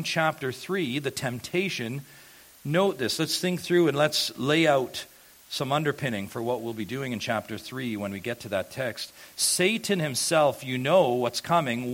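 A male pastor preaching an expository sermon who asks the congregation rhetorical questions, rising loud on key points and then dropping low and soft.

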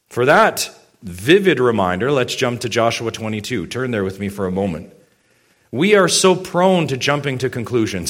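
A man's voice: fairly high pitch, fairly bright tone. A male pastor preaching a sermon. He speaks emphatically, poses many rhetorical questions and addresses his congregation directly.

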